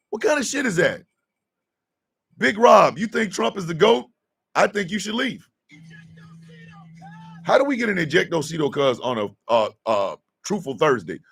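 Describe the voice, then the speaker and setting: Man, live stream host, gravelly voice, husky tone, mock-indignant scolding, high and swooping. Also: big pitch swings, unhurried, pauses often, fairly bright tone. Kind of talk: casual live stream rant.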